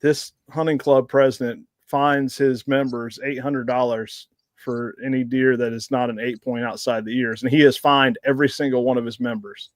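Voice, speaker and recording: Male guest storyteller, rambling anecdotes, mid-pitched, dry close mic. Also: steady tone, normal speed, no echo. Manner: rambling anecdotes with frequent laughs. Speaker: blood tracker guest. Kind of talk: casual storytelling on a podcast.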